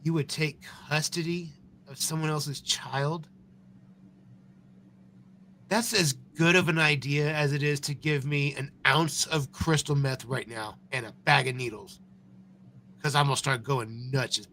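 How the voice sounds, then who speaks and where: A man's voice: on the high side, fairly even intonation, unhurried, sharp tone, a little hiss or hum. A man co-hosting a live stream, rambling and mocking as he reacts to a video. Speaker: stream co-host. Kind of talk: casual live-stream commentary.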